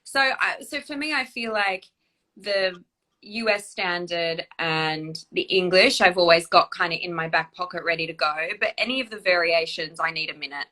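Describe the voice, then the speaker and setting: A woman's voice: lowish voice, moderate pace, bright, forceful tone. A young adult woman chatting enthusiastically on a live video stream as an actress and co-host. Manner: chatty, enthusiastic, laughs often. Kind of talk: casual live-stream chat. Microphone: phone on a live video stream.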